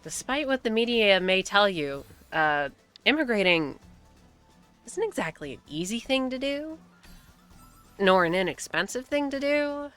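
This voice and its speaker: A woman's voice: mid-range voice, very animated, a little slow, fairly bright tone, faint music behind. A young American woman streaming a game, chatting casually with frequent swearing and laughter. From United States. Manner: chatty, swears often, laughs between remarks. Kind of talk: casual gaming commentary.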